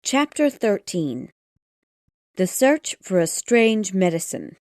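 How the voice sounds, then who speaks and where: A woman narrating an audiobook of a classic gothic tale in a steady storytelling manner. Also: mid-range voice, slow pace, no room sound, clean studio sound.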